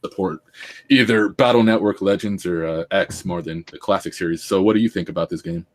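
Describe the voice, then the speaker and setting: A man's voice: sits low, brisk. A man hosting a casual gaming podcast, talking enthusiastically with lots of fillers. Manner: enthusiastic, many fillers and restarts. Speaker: podcast host.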